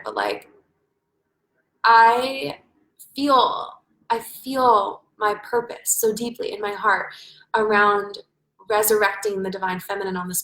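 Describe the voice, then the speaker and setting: A woman's voice: medium pitch, fairly bright tone, roomy sound, poor audio. A woman business coach hosting a live stream Q&A, effusive and spiritual, swearing casually as she encourages viewers.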